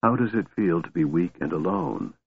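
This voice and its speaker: A hushed, menacing male sorcerer from a storybook, as a man puts him on, his voice low and husky. Every quiet word is cold and cruel, heard over a thin, phone-like line with a dry sound. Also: wildly swooping pitch, moderate pace, full character voice.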